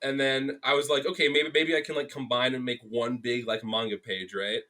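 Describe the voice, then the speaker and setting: A young man with a bright, forward voice tells a story in easygoing podcast chat. He acts out what people said, full of "like" and quick restarts. His pitch sits mid-range for a man. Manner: animated storytelling, acts out quotes, many fillers. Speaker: podcast guest, graphic artist. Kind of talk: casual chat.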